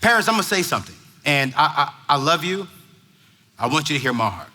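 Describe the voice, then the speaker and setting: Male motivational speaker, emphatic preacher delivery, bright high tone. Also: sing-song, fast, a little hiss or hum. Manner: preachy, emphatic, shouts at peaks. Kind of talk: energetic stage talk to parents. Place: large conference hall before a crowd.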